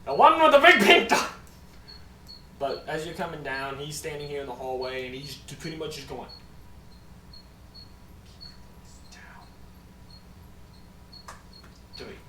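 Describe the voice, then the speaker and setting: A man narrating as game master of a tabletop game, animated, swearing and mocking himself. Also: mid-range voice. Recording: echoey room, far from mic, background noise.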